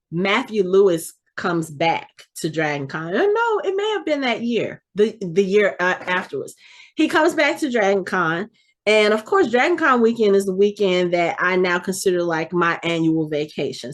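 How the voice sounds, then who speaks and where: A middle-aged woman with a drawl, telling a long personal story on a podcast. Her voice sits in an ordinary middle register. She talks in a chatty, animated way, often stopping to restart or correct herself. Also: mid-range voice. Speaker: podcast co-host. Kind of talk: casual anecdote telling.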